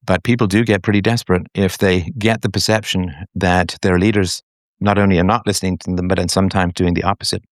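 Low-voiced man hosting a call-in show. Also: level tone, dry recording, studio quality. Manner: measured, reflective, with repeated phrases and fillers. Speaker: show host taking callers.

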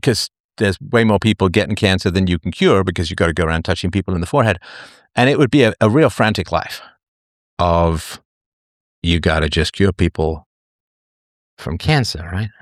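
A man's voice: on the low side, no room sound, clean studio sound. A man hosting a livestream, chatting casually and reading out comments. He rambles with a self-mocking, joking manner. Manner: rambling and self-mocking, with lots of fillers and restarts. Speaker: livestream host.

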